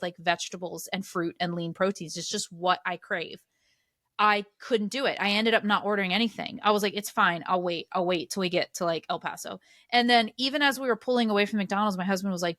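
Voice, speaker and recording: A woman's voice: mid-range voice, fairly bright tone, dry recording, studio quality. A woman in her thirties, co-hosting a podcast and telling a rambling, self-mocking story in casual chat. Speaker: podcast co-host.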